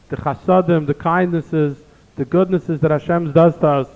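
A man's voice: fairly high pitch, fairly even intonation, moderate pace, hardly any pauses. A man giving an earnest sermon, telling stories and weaving in Hebrew phrases. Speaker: rabbi giving a talk. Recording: tinny phone-like sound in a reverberant hall.

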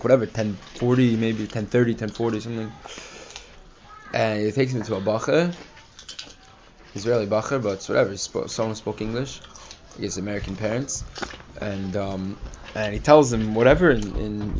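A man casually telling a personal story, rambling with many fillers and acting out the people he quotes. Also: fairly low pitch. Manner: rambling, filler-heavy, animated quoting of others. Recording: dull lo-fi recording with faint hiss.

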